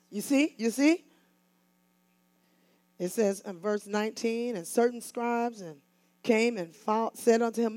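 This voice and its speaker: A woman minister preaching a fiery call-and-response sermon, often rising to shouts. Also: fairly high pitch, dry recording.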